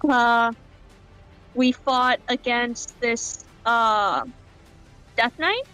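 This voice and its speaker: A woman playing in a tabletop game over a call, slowly and evenly recapping the last session. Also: on the high side, bright, forceful tone, clean tone, faint music behind, rough recording. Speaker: player. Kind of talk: casual game chat.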